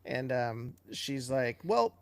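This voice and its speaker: A man's voice: on the high side, moderate pace, clear, resonant tone. A man co-hosting a live question-and-answer stream, telling loose, chatty production anecdotes. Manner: chatty anecdotes with filler and restarts. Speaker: co-host and TV producer. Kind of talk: casual live Q&A storytelling.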